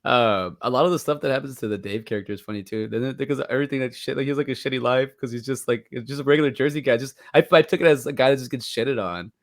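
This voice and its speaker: A man from Mexico co-hosting a casual movie podcast, rambling and animated, often acting out quoted voices. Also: medium pitch, very fast, hardly any pauses, no room sound, clean studio sound. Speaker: podcast co-host.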